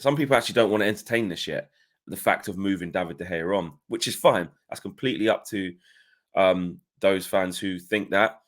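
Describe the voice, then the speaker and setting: A man with a slightly low-pitched voice hosting a casual morning football podcast. He talks with quick energy, full of fillers and restarts. The delivery is loose and conversational. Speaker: host.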